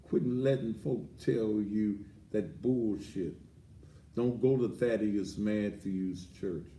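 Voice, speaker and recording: A man's voice: on the low side, takes it slowly, dark tone, slight background noise. A middle-aged man, a pastor giving a blunt, fiery sermon-style address with profanity. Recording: roomy echo, distant from the mic.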